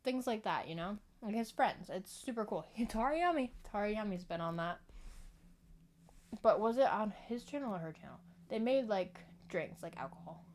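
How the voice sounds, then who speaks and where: A woman's voice: medium pitch, animated, normal speed, a little mellow. A young woman vlogging to camera at home into a microphone, rambling casually, giggling and often apologizing. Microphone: external microphone.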